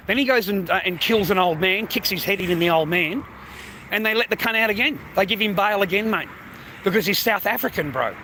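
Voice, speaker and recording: A man's voice: high voice, bright, forceful tone. A man live streaming on a phone while he walks down a city street, talking in a blunt, profane, rambling way. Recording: faint street noise.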